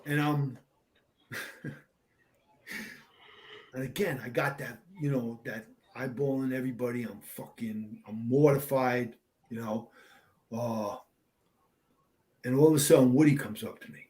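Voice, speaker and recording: A man in his sixties, a veteran fire captain, telling war stories as a podcast guest in a lively, profane way. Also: mid-range voice, a little slow, long pauses. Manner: animated, profane storyteller. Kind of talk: casual storytelling in an interview.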